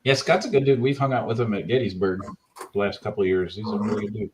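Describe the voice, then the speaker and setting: A man's voice: lowish voice, fast, noisy background. A man co-hosting a paranormal talk show, joking around and swearing freely. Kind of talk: casual chat.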